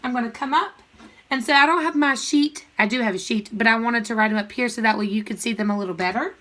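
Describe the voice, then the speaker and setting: Woman, phonics teacher, bright clear tone, slightly high voice, slow patient sounding-out, thinks aloud at the board. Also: poor audio. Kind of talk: recorded classroom lesson.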